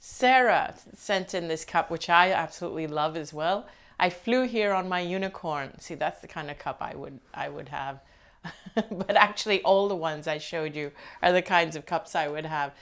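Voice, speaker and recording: A woman's voice: deep voice, moderate pace, fairly bright tone. A woman hosting her own channel, chatting casually to viewers with rambling asides and frequent laughs. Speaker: host.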